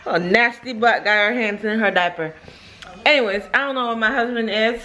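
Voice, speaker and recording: A woman's voice: a little high, sharp tone. A woman vlogging at home into a handheld camera, chatting casually with teasing, grumbling asides. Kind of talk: casual home vlog chat.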